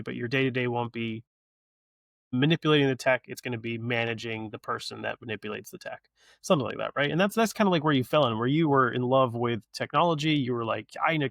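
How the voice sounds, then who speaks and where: Man, podcast host, gravelly voice, reflective chat, dry sound. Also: medium pitch, quick pace, no echo.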